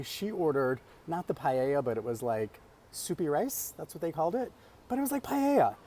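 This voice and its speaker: A man's voice: mid-range voice, dark tone, slight background noise. A man hosting a casual vlog, telling a travel story in a chatty way with many fillers and restarts. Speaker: vlog host. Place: traveling abroad, outdoor ambience.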